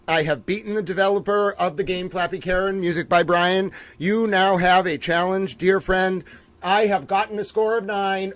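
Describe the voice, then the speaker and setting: Man, bright high voice, dry close mic, theatrical livestream gamer with mock-grand proclamations. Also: normal speed, dry recording. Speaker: livestream co-host. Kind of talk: excited livestream chatter while playing a game.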